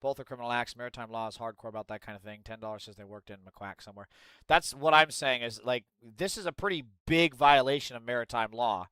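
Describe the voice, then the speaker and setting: A man's voice: mid-range voice, quick pace, bright, forceful tone, smooth, no room sound. A young man live-streaming, reading news aloud and ranting with lots of swearing. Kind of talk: casual live-stream commentary.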